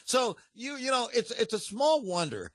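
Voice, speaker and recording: A man's voice: very high voice, very animated, moderate pace, dry recording, studio quality. A man co-hosting a podcast, chatting casually and teasing his partner. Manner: playful banter, teasing. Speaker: co-host. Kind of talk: casual chat.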